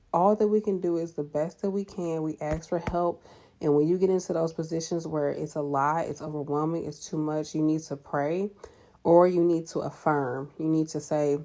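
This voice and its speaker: A woman nurse giving animated, preachy, encouraging advice in a casual vlog. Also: deep voice.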